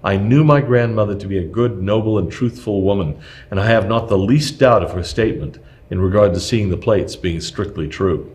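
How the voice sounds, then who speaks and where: Steady low-voiced man reading history. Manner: measured, steady reading with occasional slips. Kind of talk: reading a scripted historical text aloud.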